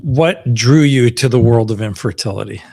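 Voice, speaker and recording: A man's voice: mid-range voice, normal speed, creaky, a crowd in the background. A middle-aged man, a fertility doctor hosting a live Q&A, talking in a chatty, upbeat way with many fillers and easy laughter. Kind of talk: casual live-stream chat.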